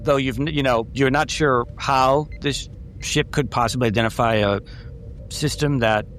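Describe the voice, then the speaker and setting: This is a man running a tabletop game, describing each scene step by step and often restarting a phrase. His voice sits at a middle pitch, with faint noise behind it. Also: moderate pace, fairly bright tone. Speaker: game master.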